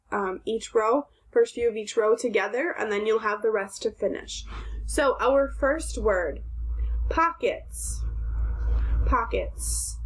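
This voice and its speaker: Speaking in a fairly high voice, a woman teacher leads second graders through a recorded phonics lesson, sounding words out clearly and answering what she asks.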